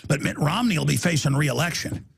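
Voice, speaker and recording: A middle-aged man hosting a talk radio show, ranting aggressively with loud combative outbursts and a raspy voice. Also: on the high side, expressive, a little fast.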